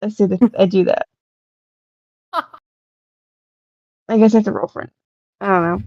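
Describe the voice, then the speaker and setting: A woman's voice: medium pitch, fairly even intonation, unhurried, gravelly, no echo. Chatty woman player, dull lo-fi sound. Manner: chatty, many likes. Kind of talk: casual chat.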